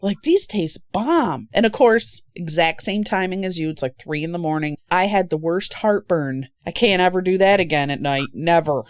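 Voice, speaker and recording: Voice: mid-range voice, normal speed, hardly any pauses, clean tone. A podcast co-host in casual banter, chatting loosely and using plenty of fillers.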